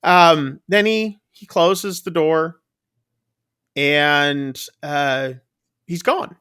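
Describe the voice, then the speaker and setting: Brief: male podcast host, bright and a bit high, chatty filler-heavy recapper. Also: extremely slow, smooth, dry recording, studio quality. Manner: animated plot retelling with many fillers. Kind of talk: casual film review chat.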